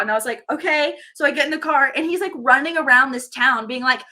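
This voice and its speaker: A young woman guest in her twenties on a video call, telling animated stories and acting out the voices of people in them. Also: sits high, brisk, few pauses, slight background noise. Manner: acts out quoted voices, laughs often. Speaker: reality show contestant guest. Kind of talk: animated storytelling in an interview.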